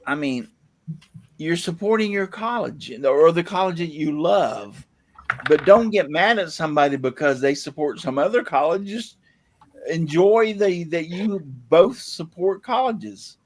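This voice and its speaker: A man's voice: on the high side, animated, a little slow. A man hosting a casual panel chat, rambling and enthusiastic as he reacts to viewers' woodwork. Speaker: show host. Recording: live online panel show.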